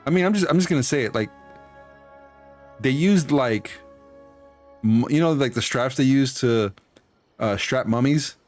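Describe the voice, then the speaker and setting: Man, Hispanic accent, streamer, slow laid-back talk, laughing, game music faint behind. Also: medium pitch, lively intonation, darkish tone. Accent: Hispanic-accented English. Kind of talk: casual live-stream commentary.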